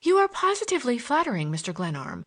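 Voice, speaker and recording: A woman reading the lines of a playful, mocking young woman in an audiobook, her talk quick and breathless. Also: fairly high pitch, huge pitch swings, pitched above the performer's own voice. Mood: teasing.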